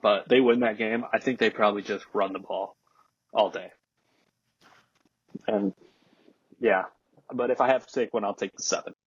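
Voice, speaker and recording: A young man with a husky, slightly low voice muses wryly about sports bets. His recording sounds dull and lo-fi, dry and close, with little room tone. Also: fairly even intonation, normal speed, long pauses, no echo. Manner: wry, musing questions. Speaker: podcast guest. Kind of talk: casual sports betting chat.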